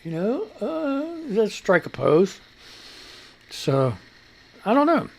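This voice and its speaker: A man's voice: high voice, very animated, slow pace, gravelly. A man hosting a live show, rambling casually with salty language and poking fun at himself, a bit short of breath. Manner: rambling, salty, self-mocking. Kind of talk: casual live-stream chat.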